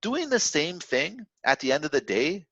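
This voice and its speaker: A man's voice: a little high, sing-song, moderate pace, vocal fry, sharp tone, husky, no echo. A man giving a casual motivational talk on trading, rambling with many fillers and restarts. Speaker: trading educator. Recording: dry, dull lo-fi sound.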